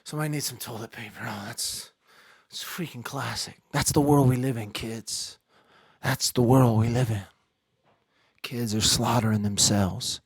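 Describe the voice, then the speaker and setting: A man's voice: mid-range voice, steady tone, moderate pace, breathy edge, no room sound, studio quality. Rambling man hosting a live stream. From Ireland. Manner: rambling, joking, swings between muttering and loud. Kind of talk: casual live-stream commentary.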